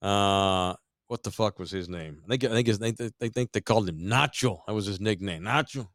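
A man's voice: lowish voice, normal speed, no echo, clean studio sound. A man, a podcast host telling profane family stories in casual chat. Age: 40s. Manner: profane, rambling storyteller, laughs at dark jokes.

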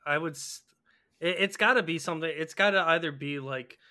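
A young man speaking slowly and haltingly in a casual podcast chat, thinking aloud. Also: fairly high pitch, pushed and bright.

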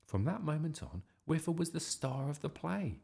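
A man reading a children's story aloud in a lively, expressive way. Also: fairly high pitch, normal speed, gravelly, slightly rough. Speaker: storybook reader.

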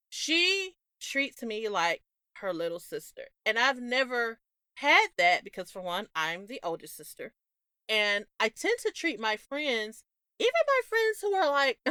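A young woman co-hosts a podcast in easygoing, animated chat. Her voice is bright, smooth and lively in pitch, and it sounds dry and close. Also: no room sound. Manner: animated storytelling with laughs. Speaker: podcast co-host. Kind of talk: casual chat.

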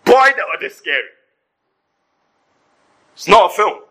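Man preaching, high bright husky voice, animated sermon with wry jokes. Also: measured pace, poor audio. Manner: animated preaching with humorous asides. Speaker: pastor. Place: church service before a congregation.

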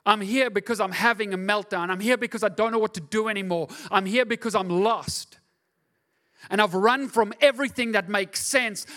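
Male pastor, high voice, emphatic sermon delivery with repeated questions. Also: pushed and bright.

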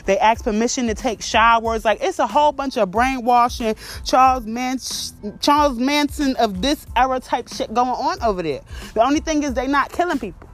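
A woman's voice: fairly high pitch, normal speed. Blunt, profane woman ranting on a podcast. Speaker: podcast host. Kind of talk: casual opinion rant.

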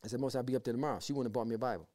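Animated storytelling man, mellow voice. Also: medium pitch, very fast. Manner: lively, repeats words, acts out quoted voices. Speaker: guest sharing his testimony.

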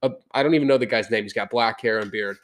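A man's voice: fairly low pitch, rapid-fire, fairly bright tone. A young man hosting a podcast, telling a heated story in casual chat. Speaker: podcast host. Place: podcast room.

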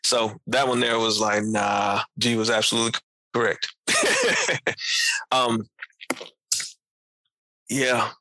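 A man in casual conversation reviewing an album, animated, laughing often and talking in loose slang. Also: mid-range voice, takes it slowly, long pauses, no room sound, poor audio. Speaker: podcast co-host. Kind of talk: casual music review chat.

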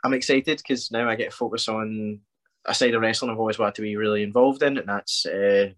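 A man's voice: lowish voice, steady tone, a little fast, a bit bright, a little hiss or hum. Male guest, sniffly, eager and upbeat in casual conversation. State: sniffly from a cold. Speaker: guest, wrestler and promoter. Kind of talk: casual chat.

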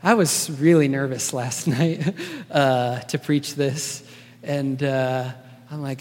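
A man's voice: mid-range voice, fairly even intonation, slow pace. A man preaching a sermon in a casual, earnest way, often checking in with his listeners by asking "right?". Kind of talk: conversational sermon. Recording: long reverb of a large hall.

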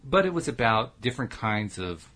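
A man's voice: medium pitch, very animated, normal speed, a bit bright. A middle-aged man co-hosting a podcast, chatty and telling stories with frequent laughs. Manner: chatty, storytelling, laughs often. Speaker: podcast co-host. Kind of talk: casual podcast chat.

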